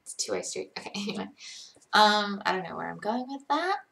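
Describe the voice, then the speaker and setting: A woman's voice: mid-range voice, very animated, a little fast, gravelly, a bit bright. A tired young woman chatting casually on a live stream, rambling and self-deprecating as she reads chat aloud.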